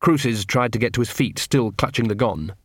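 A man narrating a story in a steady storytelling manner, lightly voicing the dialogue. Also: medium pitch, moderate pace, no echo, studio quality. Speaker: audiobook narrator. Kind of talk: scripted narration.

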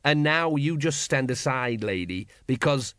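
A rough street mob leader, played by a male narrator, drawling his words with coarse sarcasm. He sounds a touch higher and slower than the reader's own voice, recorded close and dry. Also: animated, a bit bright, no echo. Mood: sarcastic. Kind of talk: audiobook character voice.

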